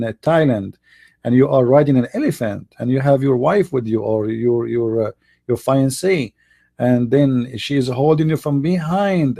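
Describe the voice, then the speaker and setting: Dark-toned man, mocking live commentary. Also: medium pitch, gravelly. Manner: mocking, sarcastic, mimics voices. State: hoarse, coughing. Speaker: debate show host.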